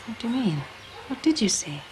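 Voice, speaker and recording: A woman's voice: on the high side, big pitch swings, fairly quick, background noise. An actress playing a refined, anxious middle-aged mother in a soap opera.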